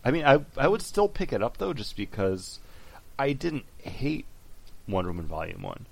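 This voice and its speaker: A man's voice: mid-range voice, wildly swooping pitch, moderate pace, gravelly, a little mellow, breathy edge. A man talking casually and animatedly with friends on a podcast, with many fillers and restarts. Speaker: podcast co-host. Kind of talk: casual chat.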